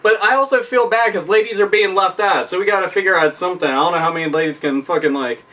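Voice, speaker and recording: A man's voice: sits high, fast, pushed and bright, far from the mic. A man ranting in a profane, rambling comedic commentary, laughing often. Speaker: vlogger.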